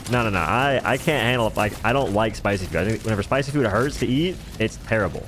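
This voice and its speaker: A man's voice: medium pitch, lively intonation, fast, few pauses, a bit bright, slight background noise. A man streaming a game live, rambling and joking in casual chatter as he answers viewers' chat.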